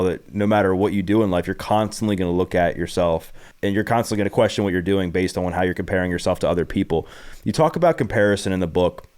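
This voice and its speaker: A male podcast host with a very deep, smooth, resonant voice. He asks long, earnest questions and wanders through his thoughts with plenty of fillers. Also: a little mellow. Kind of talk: casual interview chat.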